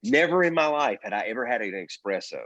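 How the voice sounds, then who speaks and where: A man in a casual chat telling animated, slangy road stories. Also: mid-range voice, fast talker, dry recording, lo-fi sound. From United States. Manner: animated storyteller, slangy and laughing. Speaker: band member co-hosting a chat.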